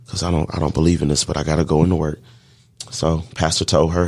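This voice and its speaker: Deep gravelly man telling a story. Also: fast, no echo. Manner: animated storyteller acting out his own past thoughts. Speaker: catering business owner. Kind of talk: casual storytelling on a podcast.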